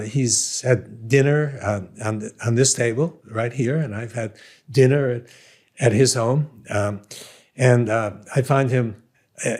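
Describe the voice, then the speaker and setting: A man's voice: medium pitch, a little mellow. An older man with a Brooklyn accent, a scientist guest talking through ideas in an interview, thoughtful and self-deprecating. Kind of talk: conversational interview.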